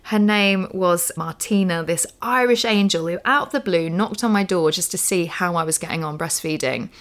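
A woman in casual podcast chat with a lowish voice. She talks earnestly and emphatically, piling up asides like "you know" and "literally". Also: moderate pace. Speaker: co-host and guest.

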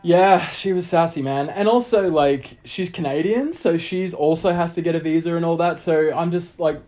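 A man's voice: on the high side, normal speed, mellow. A young Australian man telling a long story in casual chat, rambling with lots of fillers and restarts.

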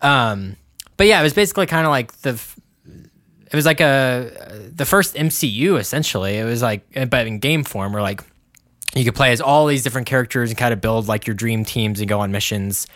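A man's voice: medium pitch, animated, fairly quick, a bit bright, no echo, clean studio sound. A man hosting a casual chat who laughs often and explains things at length. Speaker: podcast host.

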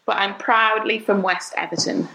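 A woman from Liverpool with a softened Scouse accent, a podcast guest chatting warmly and laughing easily, speaking from a flat by a busy road. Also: mid-range voice, moderate pace, gravelly, rough recording. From Liverpool, England. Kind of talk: casual interview chat.

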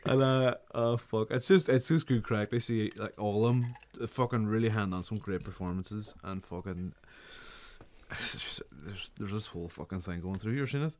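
A man's voice: on the low side, moderate pace, a little hiss or hum. A man chatting casually about films, swearing often, rambling and laughing a lot. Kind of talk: casual film chat.

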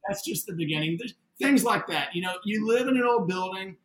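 A man telling a story in a casual interview, animated and acting out the voices of the people in it. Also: sits high, a little fast, roomy sound, a little hiss or hum, rough recording. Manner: animated, acts out quoted dialogue. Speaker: interview guest, building owner.

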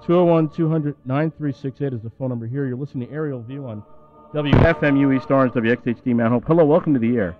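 A man's voice: mid-range voice, faint music behind. A man from Long Island hosting a call-in radio show, teasing and irreverent with his callers. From Long Island, New York. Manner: teasing, irreverent, fast-talking. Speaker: radio host. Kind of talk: late-night call-in radio banter. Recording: dull lo-fi 1990s radio broadcast.

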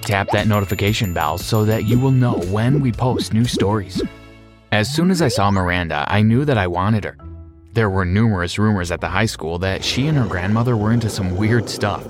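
With music playing behind him, a man with a fairly low voice narrates a scripted story, his reading even and measured.

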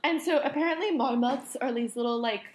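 High-voiced chatty young woman. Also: a little fast, poor audio. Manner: animated storyteller, heavy use of "like". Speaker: podcast co-host and ballet dancer. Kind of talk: casual podcast chat.

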